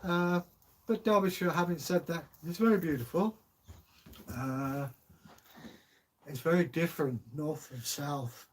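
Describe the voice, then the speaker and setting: A man's voice: fairly high pitch, a little slow, long pauses. An older man from Kent with a southern English accent, chatting casually on a livestream as channel host, rambling with many hesitations. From Kent, England.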